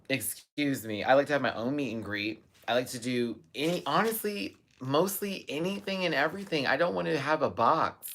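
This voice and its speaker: A young man with a fairly bright tone hosts a live stream, reading viewer comments and chatting casually. He breaks into sudden high exclamations and bursts of laughter.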